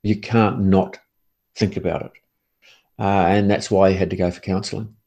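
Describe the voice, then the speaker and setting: A man's voice: sits low, flat delivery, moderate pace, warm tone. A middle-aged man, a former police negotiator, telling his story in earnest and often stumbling over and repeating words. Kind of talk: interview storytelling.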